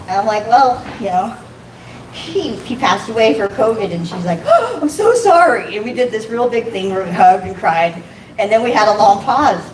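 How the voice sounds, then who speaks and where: A woman's voice: medium pitch, moderate pace, a little mellow. A woman doing a stand-up set, self-deprecating, swearing and laughing at her own jokes. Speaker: stand-up comic. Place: comedy club stage. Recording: echoey room from far off, noisy.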